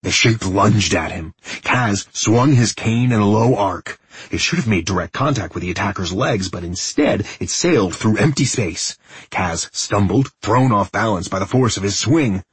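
A man narrates a story at an unhurried, measured pace. His voice is strongly husky and breathy, sitting a little low. The sound is dry and close, with no room around it. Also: expressive, no room sound. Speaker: audiobook narrator. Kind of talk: scripted narration.

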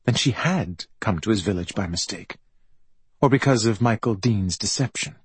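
Husky, low-voiced male narrator. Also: animated, normal speed, no echo. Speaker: audiobook narrator. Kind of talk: scripted audiobook narration.

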